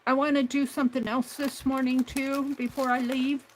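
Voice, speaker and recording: A woman's voice: high voice, little pitch movement, moderate pace. Chatty woman crafting at her desk. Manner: chatty, talks herself through each step. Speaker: craft channel host. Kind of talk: casual crafting livestream narration.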